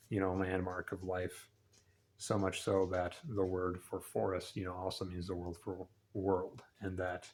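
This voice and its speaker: A man giving a relaxed, rambling literary analysis in a soft-spoken, casual way. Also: sits low. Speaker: book reviewer.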